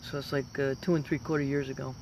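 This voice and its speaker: A woman's voice: extremely low pitch, flat delivery, fast, mellow, a little hiss or hum. A woman in her fifties, a professional fighter, giving an emphatic, rambling motivational talk. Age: 50s. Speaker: professional mixed martial arts fighter.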